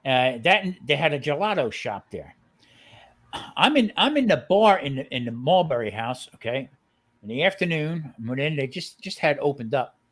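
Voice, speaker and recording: A man's voice: a little high, expressive, normal speed, a bit bright. An older man co-hosting a casual chat show, telling rambling, jokey stories. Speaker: co-host.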